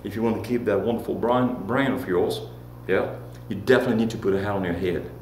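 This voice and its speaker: A man's voice: lowish voice, fairly even intonation, fast. Guy teaching a class, jokey, keeps saying repeat after me, bit of room echo. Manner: playful, joking, drills with repeat-after-me. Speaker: Spanish teacher. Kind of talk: classroom lesson. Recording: roomy echo with faint hum.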